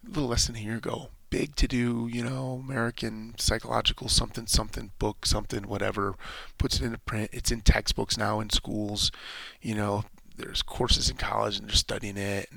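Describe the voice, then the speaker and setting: A man with a low, gravelly voice talking through his thoughts in a loose monologue, stopping and restarting as he goes. His tone is bright and forceful, and the recording is dry and close. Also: level tone, brisk, no room sound. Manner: rambling, thinking aloud with many restarts. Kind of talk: casual spoken monologue.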